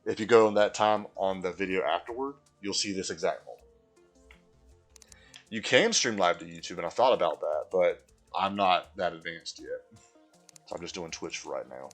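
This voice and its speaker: A man's voice: low voice, normal speed, faint music behind. A man live-streaming a video game, chatting casually and answering viewers from chat.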